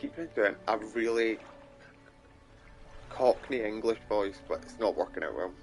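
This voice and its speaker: Scottish lad, low voice, chatty game commentary, curses a lot, light music under. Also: male voice, expressive, measured pace, darkish tone. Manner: casual, swears often, mutters. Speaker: gaming streamer. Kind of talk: let's play commentary.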